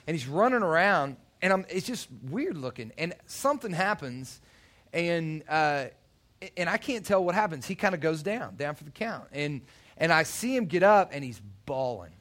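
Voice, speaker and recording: A man's voice: fairly high pitch, very animated, normal speed, a bit bright. A man preaching a sermon, telling personal stories in a loose, conversational way with many restarts. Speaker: youth pastor.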